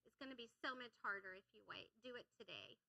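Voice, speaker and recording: Bright high-voiced woman preaching. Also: quick pace, gravelly, low-quality recording. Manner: energetic, leads call-and-response with congregation. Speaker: pastor. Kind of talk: sermon. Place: church sanctuary.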